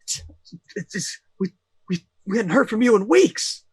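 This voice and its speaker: An excited townsman talking over the radio in a rush, stumbling over his words, raised and loud. A man puts him on during a tabletop game. The sound is close and dry. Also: high voice, a little slow, husky, no room sound, voice pushed up, exaggerated voice. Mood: urgent relief. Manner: stammering, urgent.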